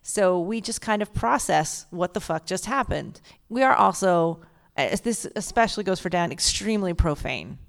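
A woman's voice: lowish voice, lively intonation, moderate pace, vocal fry. A woman co-hosting a comedy podcast in front of a live audience, chatting casually and profanely and slipping into silly voices. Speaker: podcast co-host.

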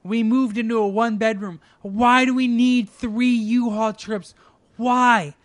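A man with a notably high voice, talking in a loose, casual chat. He rants in an exasperated way and swears freely. The sound is very dry, with no room echo. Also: steady tone, takes it slowly. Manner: profane, exasperated ranting.

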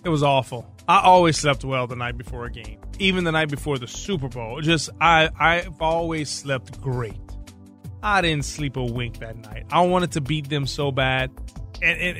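A man recalling a game in an interview, animated and tripping over restarts. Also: a little high. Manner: animated, stumbling restarts when excited. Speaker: former quarterback interviewee. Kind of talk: interview recollection.

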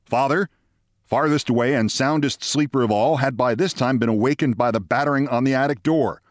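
A man hosting a podcast, reading a short story aloud in a lively storytelling manner. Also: a little fast, no room sound, studio quality. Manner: lively storytelling, jumps high for quoted shouts. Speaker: podcast host.

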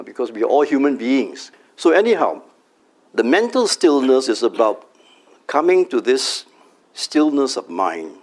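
A middle-aged man teaching a meditation workshop at a company, speaking in a calm, measured way and drawing out a chanted mantra slowly. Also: medium pitch.

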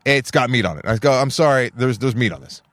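A man's voice: mid-range voice, animated, fast, fairly bright tone, dry recording. A man with a mid-range voice rants with exasperation, swearing freely as he tells a story on a casual podcast. The sound is close and dry, with no room around it. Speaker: podcast host.

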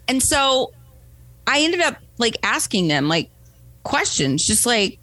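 A woman's voice: a little high, a little slow, dry recording. A woman guest telling a story in a casual interview, acting out the voices of people she quotes and often asking "right?". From United States. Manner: animated, acts out quoted voices, frequent "right?". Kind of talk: conversational storytelling.

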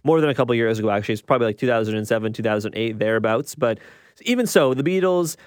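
A man's voice: mid-range voice, rapid-fire, smooth, dry recording, clean studio sound. A man giving a casual, rambling movie review, often restarting his sentences. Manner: rambling, restarts a lot, chatty. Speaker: film reviewer.

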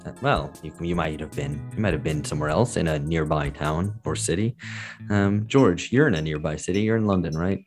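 A man hosting a podcast in casual chat, relaxed and hesitant with many fillers, speaking over a remote call. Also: a bass voice, fairly quick, soft background music. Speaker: podcast host.

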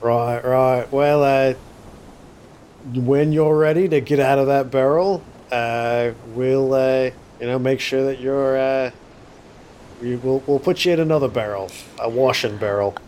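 A man with a mid-pitched voice chatting as a player in a tabletop game. He rambles and fills his sentences with "like" and "uh". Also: steady tone, a little slow, darkish tone, a little hiss or hum. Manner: rambling, with many fillers. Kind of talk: casual role-play chat.

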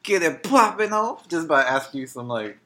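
A man hosts a casual podcast interview, chatty and easygoing. His voice moves up and down in a lively way, and he laughs readily. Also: fairly high pitch, moderate pace. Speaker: podcast host.

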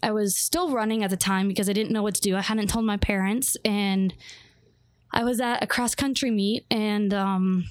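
A woman's voice: mid-range voice, steady tone, normal speed, no echo. A young adult woman telling her life story as a guest, rambling with many fillers and restarts. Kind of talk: personal testimony interview.

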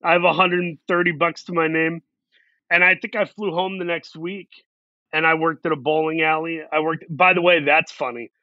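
A man's voice: fairly high pitch, fairly even intonation, moderate pace, no echo, muffled recording. A man, an actor guest, telling long self-deprecating stories in a casual interview. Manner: rambling, self-deprecating anecdotes.

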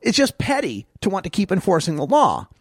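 A man's voice: sits high, wildly swooping pitch, fairly quick, slightly rough, no room sound, clean studio sound. A man hosting his own show, delivering an opinionated solo rant with emphatic, rising passion. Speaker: host of a cannabis politics rant show.

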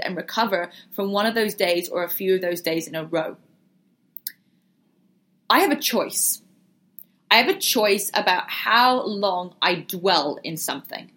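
A woman's voice: medium pitch, fairly bright tone. A young woman vlogger chatting casually and answering viewer questions in a livestream Q&A. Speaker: fitness and business vlogger.

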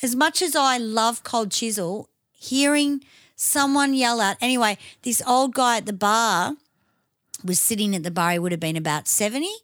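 A woman's voice: fairly high pitch, moderate pace, no room sound, clean studio sound. A woman with an Australian accent co-hosting a podcast, telling blunt, sweary stories in casual chat. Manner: blunt, sweary, animated storyteller. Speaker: podcast co-host.

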